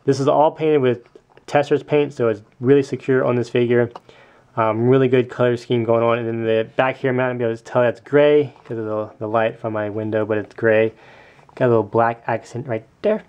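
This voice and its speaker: A man's voice: medium pitch, steady tone, fairly quick, darkish tone, dull audio. Chatty young man showing off a custom figure. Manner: chatty, many ums, self-correcting. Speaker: custom toy maker. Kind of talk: casual show-and-tell vlog.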